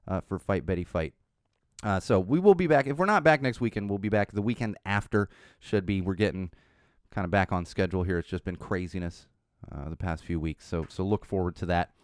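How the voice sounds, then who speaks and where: A man's voice: fairly low pitch, expressive, fairly quick, clean tone, dry recording, clean studio sound. A man hosting a podcast, ranting bluntly about politics with lots of swearing, then signing off the episode. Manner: impassioned, blunt, swears freely. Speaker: podcast host. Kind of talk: political podcast rant and sign-off.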